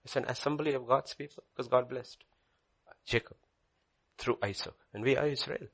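A man preaching a sermon to a congregation in church, swinging from low murmurs to high excited cries. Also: moderate pace, vocal fry, husky.

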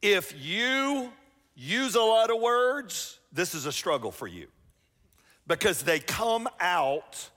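A man's voice: sits high, sing-song, slow, sharp tone. A middle-aged man, preaching a sermon as pastor in a chatty, self-mocking storytelling way. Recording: long reverb of a church hall.

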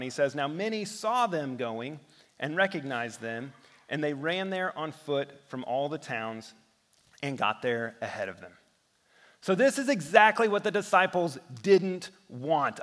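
A man in his thirties preaching a sermon, telling everyday stories and often dropping to a hushed voice for effect. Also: on the high side, big-room sound. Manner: storytelling preacher who drops to a hush for effect. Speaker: pastor.

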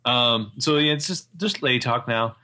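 A man's voice: mid-range voice, normal speed, sharp tone. A man co-hosting a podcast, recapping a TV episode with wry, joking asides. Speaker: podcast co-host. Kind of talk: casual chat recapping a TV episode.

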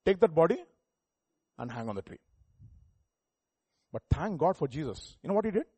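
A man's voice: fairly high pitch, big pitch swings, normal speed, dark tone, slightly rough, no room sound. Emphatic preacher man. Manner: emphatic, rising and falling volume, rhetorical questions. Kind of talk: sermon.

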